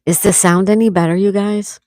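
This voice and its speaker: A congested woman hosting a relaxed livestream at home, chatting and reading out viewers' comments. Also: mid-range voice, a little fast, no room sound. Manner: relaxed, chatty, laughs often. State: congested, coughing. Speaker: livestream host.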